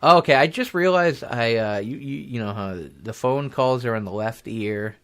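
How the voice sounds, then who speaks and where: A man's voice: medium pitch, moderate pace, clear, resonant tone. A young man hosts a loose, joking talk show at a college radio station. He rambles on, spinning silly made-up stories in a medium voice. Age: young adult. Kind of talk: casual comedic chat.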